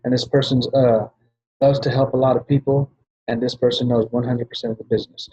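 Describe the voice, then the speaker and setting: A man's voice: mid-range voice, little pitch movement, brisk, warm tone, slightly rough, highs cut off. A man giving a rambling training talk to sales agents, often restarting and checking in with "right?". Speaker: business trainer at a travel party.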